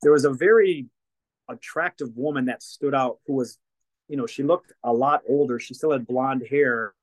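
A man, a guest in a conversation, telling a personal story in a lively way and acting out the dialogue of the people in it. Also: mid-range voice, normal speed, dry recording, low-quality recording. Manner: lively storyteller who acts out quoted dialogue. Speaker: guest, deliverance minister and former counselor. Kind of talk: storytelling testimony in casual conversation.

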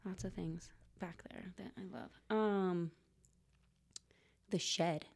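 A woman's voice: lowish voice, steady tone, slow, vocal fry. A woman in her forties from Connecticut, chatting casually as an interview guest, laughing often and trailing off with lots of fillers. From Connecticut, USA. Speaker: guest, fermented foods producer.

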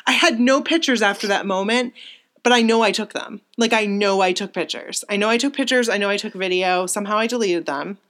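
A young woman co-hosting a casual chat, retelling a story in an excited, rambling and emotional way, full of fillers and restarts. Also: mid-range voice, fairly quick. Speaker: co-host.

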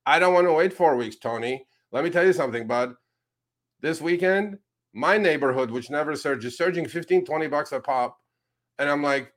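Co-hosting a casual talk show, a man who drives rideshare rants sarcastically about his job in animated chat, full of fillers and restarts. His voice is a little high and his pace normal.

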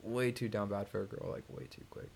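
Young guy on a podcast mic, lowish voice, loose joking trash talk. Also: flat delivery, a little fast, a little mellow, a little hiss or hum. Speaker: podcast co-host. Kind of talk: casual chat.

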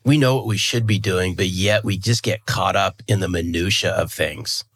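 Brief: fifties man, very low husky voice, earnest, emphatic guest. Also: normal speed, a bit bright. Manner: earnest, emphatic, repeats words as he restarts. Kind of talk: conversational interview.

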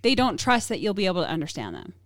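A woman, a therapist guest on a podcast, who talks fast and keeps checking in with "right?". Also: lowish voice, wildly swooping pitch. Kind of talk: casual podcast conversation.

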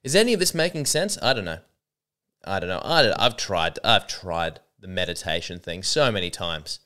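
A man's voice: deep voice, lively intonation, normal speed, pushed and bright. A young man hosting a comedy podcast alone, rambling and sarcastic, often mocking himself. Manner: sarcastic, rambling, self-deprecating. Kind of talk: solo comedic monologue.

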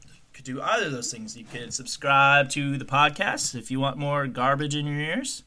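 A man co-hosting a podcast, trading crude, profane jokes and acting out characters in loud, high voices. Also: normal speed. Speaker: podcast co-host. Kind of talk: crude comedic podcast banter.

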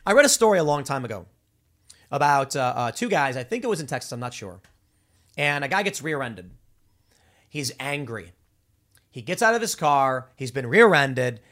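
A man hosting a political commentary show, talking in an animated, rambling monologue with many restarts. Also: mid-range voice, moderate pace, pauses often.

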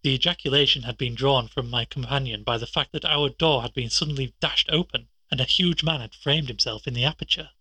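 A man with a husky voice narrating a classic detective story in a measured manner. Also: medium pitch, bright, forceful tone, no room sound. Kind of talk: scripted audiobook narration.

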